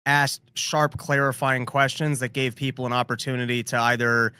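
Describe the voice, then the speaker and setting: A man co-hosting a podcast in casual chat, speaking in a measured, articulate way. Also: medium pitch, little pitch movement, pushed and bright, smooth, no echo.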